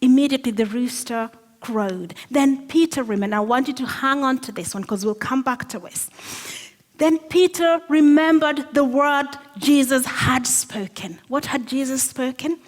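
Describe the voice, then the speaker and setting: A woman preaching a sermon in a church hall, earnest and measured, slowing down on the phrases she wants to stress. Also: high-pitched. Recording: long reverb of a hall.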